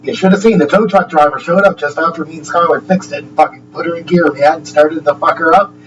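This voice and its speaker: A man's voice: fairly high pitch, fast talker, distant mic, lo-fi sound. A man chatting loosely on a livestream, swearing constantly and chuckling between sentences. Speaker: livestream host. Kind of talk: rambling casual chat. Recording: steady hum in the background.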